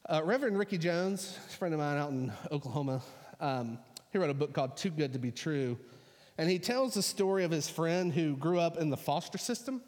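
A man's voice: on the high side, expressive, a little fast, darkish tone. Man preaching in a reverberant hall. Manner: conversational storytelling with fillers. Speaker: pastor. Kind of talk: sermon.

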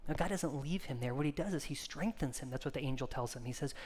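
A man's voice: medium pitch, fast talker, a little mellow, husky, big-room sound. A man preaching a sermon in a casual, conversational way, acting out the quoted lines with rising intensity. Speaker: pastor.

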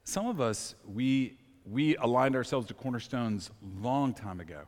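Man, pastor, sermon, personal stories, questions to the congregation, mid-pitched voice, reverberant church hall. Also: lively intonation, measured pace. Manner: conversational, personal storytelling, asks the congregation questions. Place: church sanctuary.

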